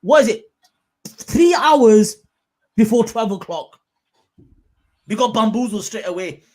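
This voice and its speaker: Guy hosting a podcast, animated, keeps acting out quotes louder. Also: high-pitched, a little slow. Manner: animated, acts out quotes in a raised voice. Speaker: podcast host. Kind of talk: casual podcast chat.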